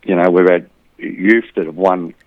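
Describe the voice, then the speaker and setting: A middle-aged Australian man with a lowish voice talks in a loose, rambling way, throwing "mate" into almost every line. The sound is dry and a bit muffled, with no room around it. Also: fairly even intonation, normal speed, dry recording. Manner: rambling, says "mate" constantly, blokey banter. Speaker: boxing community volunteer, interview guest. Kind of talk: casual interview chat.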